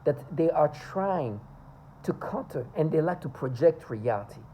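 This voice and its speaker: A woman talking to camera in a personal vlog monologue, earnest and insistent, often halting, repeating words and restarting sentences. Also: sits low, expressive, muffled recording, a little hiss or hum. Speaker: vlogger.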